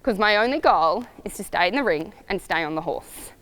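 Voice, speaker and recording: A woman riding coach giving upbeat, lively advice to riders in a coaching video. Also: medium pitch, brisk. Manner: lively and upbeat, acts out voices, laughs easily.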